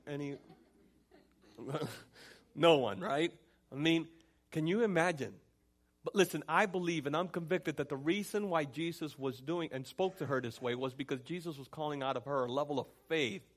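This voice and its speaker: Man preaching a sermon, higher-pitched. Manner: preaching with rising intensity and repeated pleading refrains. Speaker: pastor.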